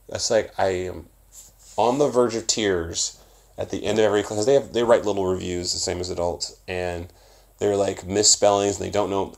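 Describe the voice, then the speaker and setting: A young man vlogging in a casual, profane, rambling monologue, going from loud bursts to mumbles. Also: on the low side, unhurried, vocal fry, pauses often. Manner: profane, animated, swings between loud and mumbled.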